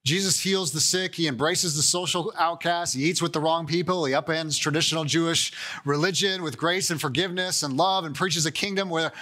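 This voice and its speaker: Bright-voiced man preaching a sermon. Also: a little fast. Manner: conversational preaching, voices quoted people with rising pitch. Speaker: pastor.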